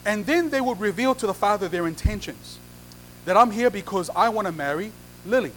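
A man's voice: high-pitched, slight background noise, low-quality recording. A man preaching a sermon, acting out little conversations and repeating phrases for emphasis. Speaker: pastor.

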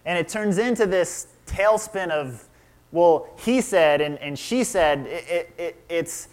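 A man's voice: on the high side, slow. A man in his thirties preaching a sermon, retelling a story and asking his listeners questions. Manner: asks the audience questions, acts out quotes.

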